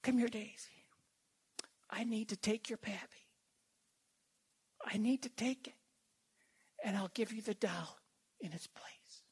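A tender young mother softly coaxing her little one, quoted by an older preacher. The words come slow and hushed, with a gravelly, husky edge. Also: sits high, pitched above the performer's own voice, full character voice. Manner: soft, coaxing whisper.

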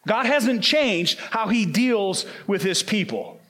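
A man preaching a sermon, earnest and emphatic, slowing down to quote scripture. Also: sits high, expressive, pushed and bright.

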